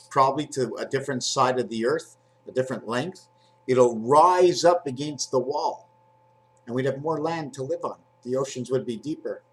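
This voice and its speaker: Guy rambling to his camera, mid-pitched voice, jumps around from number to number. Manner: digressive, jumps between numbers and ideas; talks while handling objects on camera. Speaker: video blogger. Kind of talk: casual rambling monologue.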